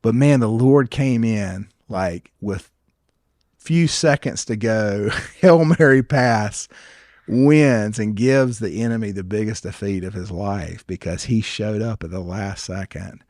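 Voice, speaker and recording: A man, a ministry founder and guest, sharing stories in an earnest, animated way, often restarting his sentences. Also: fairly low pitch, slow, no echo, clean studio sound. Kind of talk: conversational storytelling interview.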